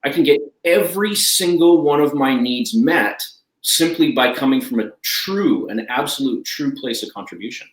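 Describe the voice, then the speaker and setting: A man's voice: mid-range voice, lively intonation, moderate pace, roomy sound, rough recording. A man talking as a guest life coach, enthusiastic and emphatic, repeating his key phrases. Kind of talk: energetic conversational talk.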